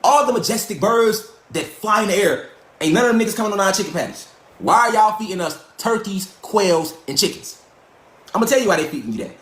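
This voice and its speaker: A man's voice: high voice, lively intonation, brisk, fairly bright tone. A middle-aged man delivering a profane, emphatic conspiracy lecture, preaching directly to his listeners. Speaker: online lecturer. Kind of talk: fringe conspiracy monologue. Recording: echoey room.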